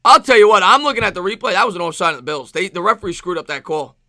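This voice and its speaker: High bright New York man calling football. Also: racing, no room sound, studio quality. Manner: excitable, rhyming calls, thanks chat viewers. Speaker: sports streamer. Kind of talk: live play-by-play commentary.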